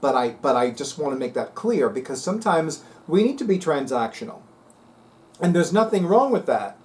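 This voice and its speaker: A man's voice: a little high, big pitch swings, normal speed. A man talking casually to viewers as a vlog host, sassy, emphatic and dramatic. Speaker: spiritual video host.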